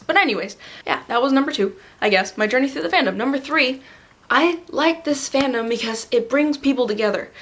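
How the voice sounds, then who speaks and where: A young adult woman vlogging to a camera on a tripod, rambling excitedly in a casual fan rant. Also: high voice.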